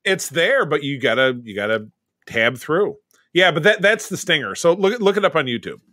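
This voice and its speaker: Bright-voiced man recapping films. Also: a little high, big pitch swings, normal speed, no room sound, clean studio sound. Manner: rambling, recaps scenes in detail. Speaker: podcast co-host. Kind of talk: casual movie discussion.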